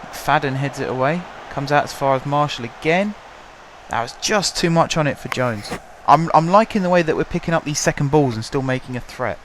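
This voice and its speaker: A young man with a hoarse voice, chatting casually and calling the action play by play as he commentates his own football management game at home. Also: fairly high pitch, brisk, a little hiss or hum. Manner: chatty, wry, calls the match play by play. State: hoarse from shouting. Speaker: gaming channel host.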